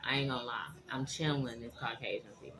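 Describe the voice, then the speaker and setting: A woman giving a tarot reading to her viewers, animated and dramatic, often checking in with "okay?". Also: extremely low pitch, rapid-fire, slight background noise. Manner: animated, keeps asking "okay?". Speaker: tarot reader.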